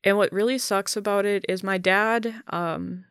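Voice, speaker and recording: A young woman in a casual podcast conversation, her voice gravelly with fry yet smooth and clear. She talks haltingly, full of fillers and restarts, and swears bluntly. The sound is dry and close. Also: mid-range voice, steady tone, no room sound. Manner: blunt and profane.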